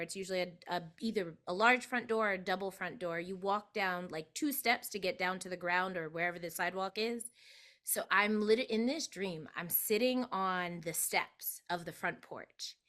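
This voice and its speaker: Woman doula guest, lively storyteller, bright and forceful tone. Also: moderate pace. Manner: animated, acts out quoted voices with big pitch jumps. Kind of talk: storytelling in an interview.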